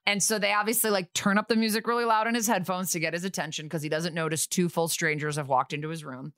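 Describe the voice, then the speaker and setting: A woman co-hosting a podcast, recapping a TV episode in casual chat with sarcastic, quick asides. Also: lowish voice, fairly even intonation, fairly bright tone, no room sound, studio quality.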